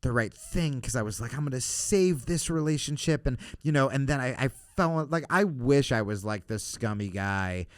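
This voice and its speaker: A man's voice: medium pitch, normal speed, hardly any pauses, dry recording, clean studio sound. A man who is a comedian guest on a podcast, telling stories in casual chat, swearing often and laughing through his stories. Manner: animated storyteller who swears a lot. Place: podcast studio.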